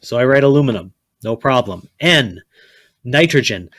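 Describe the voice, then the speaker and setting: A man's voice: medium pitch, lively intonation, moderate pace, fairly bright tone, dry recording. A man teaching a chemistry lesson, blunt and repetitive, often checking with "okay?" and telling students to write things down. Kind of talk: classroom lecture.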